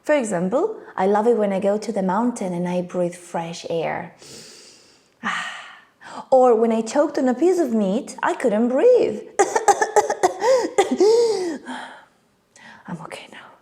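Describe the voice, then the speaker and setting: A woman's voice: medium pitch, expressive, normal speed, few pauses, dark tone. A woman, not a native English speaker, teaching an online English lesson in a playful way with little acted scenes.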